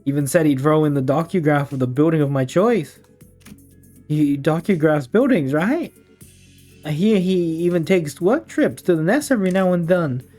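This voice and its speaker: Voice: mid-range voice, lively intonation, moderate pace, warm tone, faint music behind, voice pushed up, lightly acted. A streamer voicing an offhand woman baker with a put-on Scottish or Irish lilt. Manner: offhand and casual. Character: smiling middle-aged woman baker, offhand.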